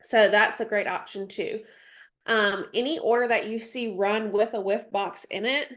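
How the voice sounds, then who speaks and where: A woman's voice: mid-range voice, steady tone, moderate pace, fairly bright tone. Stuffy-nosed woman leading a chatty training call. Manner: chatty, with many ums and asides. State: stuffy nose. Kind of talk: casual training session, reading slides.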